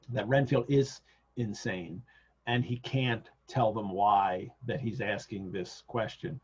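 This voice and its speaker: Man, host, casual book talk, husky voice, enthusiastic, rambling, ums, dull lo-fi video call audio. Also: mid-range voice, a little mellow. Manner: enthusiastic, digressive, many fillers. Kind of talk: casual literary discussion.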